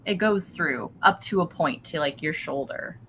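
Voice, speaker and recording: A woman with a fairly low voice narrates as game master in a tabletop role-playing game. She talks casually and hesitantly, full of fillers and light laughter, and a faint hiss sits under her voice. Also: animated, normal speed, a bit bright, low-quality recording. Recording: faint background noise.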